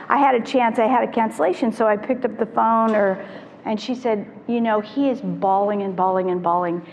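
A middle-aged woman, a child therapist, telling stories to parents in an animated way and acting out the voices she quotes. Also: medium pitch. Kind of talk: storytelling talk to parents. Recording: reverberant hall, dull lo-fi sound, faint noise.

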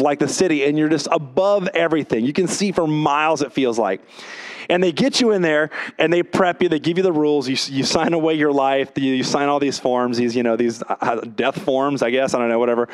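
A man delivers a sermon, with a voice that sits a little on the high side. He tells a personal story with animated energy, then slows down and turns quiet and deliberate when he reads scripture. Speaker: pastor.

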